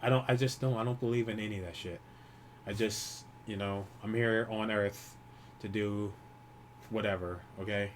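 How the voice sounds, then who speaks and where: A man grieving while talking alone to the camera, rambling and swearing often, with many restarts and pauses. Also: lowish voice, steady tone, slight background noise. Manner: profane, rambling, frequent restarts. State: grieving, holding back tears. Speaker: YouTuber. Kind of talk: personal vlog monologue.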